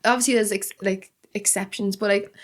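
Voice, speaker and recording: A woman's voice: mid-range voice, brisk. A young woman from Dublin with a Dublin accent, a podcast guest chatting casually and acting out the lines of people in her stories. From Ireland, Dublin. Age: young adult. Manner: animated storyteller, acts out other people's lines. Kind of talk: casual chat.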